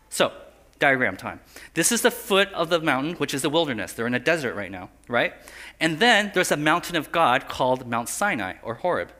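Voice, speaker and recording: Bright, lively man preaching a sermon. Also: a little high, moderate pace. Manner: acts out dialogue, asks the listeners questions, leads a guided imagination. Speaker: pastor. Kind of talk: animated sermon with slides.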